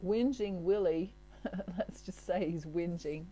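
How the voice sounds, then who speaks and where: Slow, mellow woman. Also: lowish voice, poor audio. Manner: chatty, laughs often, playful. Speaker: tarot reader. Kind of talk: casual tarot reading.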